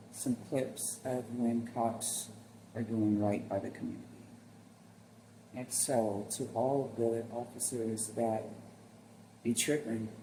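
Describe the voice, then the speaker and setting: A man's voice: mid-range voice, dark tone, slight background noise. A man hosting a reaction video, speaking heartfelt to viewers as friends and easily moved to tears. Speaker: channel host. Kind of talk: reaction commentary on video clips.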